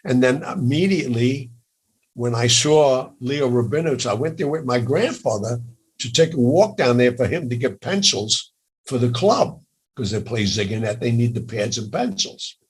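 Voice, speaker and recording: Raspy older New storyteller, animated. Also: male voice, mid-range voice, moderate pace. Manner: animated, jokey, laughs through stories. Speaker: interview guest. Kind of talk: storytelling in a casual interview.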